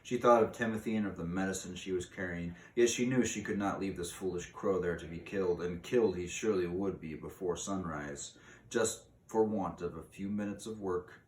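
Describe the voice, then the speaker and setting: A man reading a children's book aloud in an unhurried way, pausing for casual asides. He is recorded from a distance in an echoey room with faint noise. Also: sits low. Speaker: reader.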